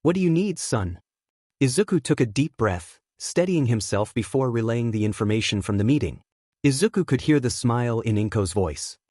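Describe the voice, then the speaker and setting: A man narrating a fan fiction story, steady and expressive. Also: mid-range voice, a little fast, dry recording, studio quality. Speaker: fanfic narrator. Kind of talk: story reading.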